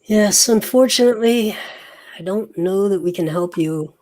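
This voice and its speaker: A game master narrating a tabletop game, talking in a slow, halting way with fillers. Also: medium pitch, steady tone, mellow.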